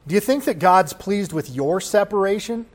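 Preaching man with a higher voice. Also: animated, moderate pace. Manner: preaching with swells from hushed to loud; rhetorical questions to the congregation. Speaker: pastor. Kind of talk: sermon.

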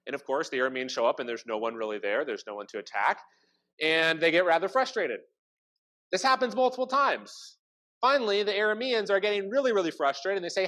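Animated, chatty Bible storyteller. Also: mid-range voice, quick pace, rough recording. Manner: animated, chatty, acts out the characters. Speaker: preacher. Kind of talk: sermon, casual Bible storytelling.

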